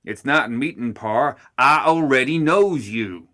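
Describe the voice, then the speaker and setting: A man's voice: medium pitch, normal speed, sharp tone, close to an everyday voice. A man doing a whiny young gremlin. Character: nervous young male gremlin, the chief's dim son.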